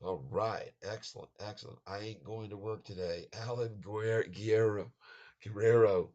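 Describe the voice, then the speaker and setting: A man's voice: on the low side, steady tone, normal speed, a little mellow, highs cut off. An American man hosting a casual live stream, chatting with viewers, laughing often and mixing in bits of French and Spanish. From United States.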